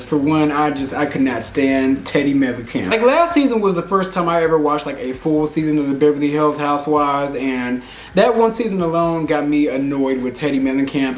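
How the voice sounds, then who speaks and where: A man from Houston giving frank, slangy, animated pop culture commentary in a casual vlog. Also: a little high, slight background noise. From Houston, Texas. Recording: echoey room.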